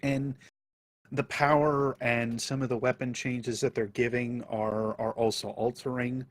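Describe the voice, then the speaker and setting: A man guesting on a casual gaming podcast, speaking in a measured, hesitant way with frequent pauses. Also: mid-range voice, level tone, dry recording.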